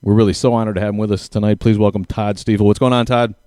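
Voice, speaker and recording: A man's voice: on the low side, little pitch movement, fast talker, mellow, clean tone, no echo, clean studio sound. A man hosting a live podcast, upbeat as he introduces his guest and reads out a bio. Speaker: podcast host. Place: small room in a downtown venue.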